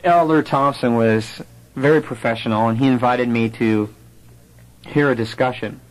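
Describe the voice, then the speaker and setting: A man at a mid pitch tells a personal story to a live audience. He speaks in a conversational way with the odd filler. He brings the story to life by acting out the voices of the people in it. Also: normal speed, a little hiss or hum, rough recording. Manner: animated storyteller who acts out quoted voices.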